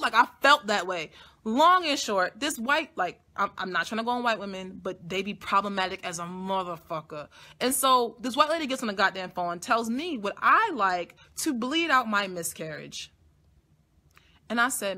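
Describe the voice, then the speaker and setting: Bright-voiced, blunt, profane woman storyteller. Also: medium pitch, moderate pace. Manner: blunt, heavily profane, emphatic; animated, swings from soft to loud. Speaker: live stream host. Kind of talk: casual storytelling monologue.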